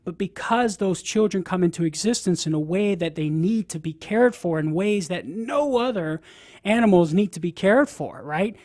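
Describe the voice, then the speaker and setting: A man's voice: high voice, expressive, normal speed, a little mellow, no echo, clean studio sound. A man with a Cajun accent, a radio guest explaining ideas step by step, often checking in with "right?". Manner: teaching, sprinkles "right?" to check in. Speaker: guest apologist.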